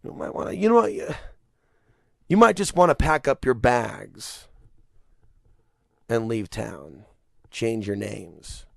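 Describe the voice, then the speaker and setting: A man putting on an Italian-American accent to play a threatening mobster who talks in halting, quiet warnings. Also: medium pitch, animated, vocal fry, dry recording, clean studio sound, pitched below the performer's own voice, exaggerated voice. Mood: menacing. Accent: put-on Italian-American.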